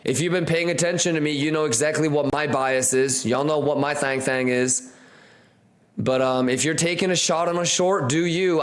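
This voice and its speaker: A man with a fairly high pitch hosts a live trading stream, hyped and slangy, repeating catchphrases as he talks straight to his viewers.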